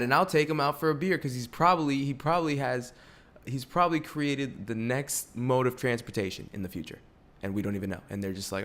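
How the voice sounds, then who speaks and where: Male podcast host in his 20s, mid-range voice, loose and profane, excitable delivery. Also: medium pitch, fairly quick. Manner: profane, excitable, laughs a lot, swings loud and soft. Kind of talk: casual chat.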